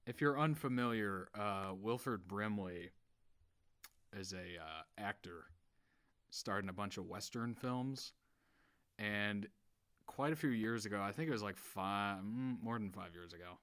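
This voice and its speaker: A man hosts a reaction video and casually explains background in a lowish voice. He talks at an unhurried pace and laughs along as he goes. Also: a bit bright, clean tone. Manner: easygoing, laughs while explaining.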